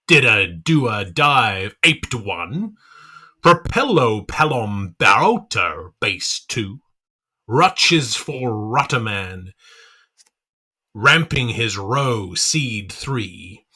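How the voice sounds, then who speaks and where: A man's voice: lowish voice, very animated, very slow, bright, forceful tone, husky. A man cold-reading a dense literary text aloud for a podcast, sounding out nonsense words carefully and rhythmically.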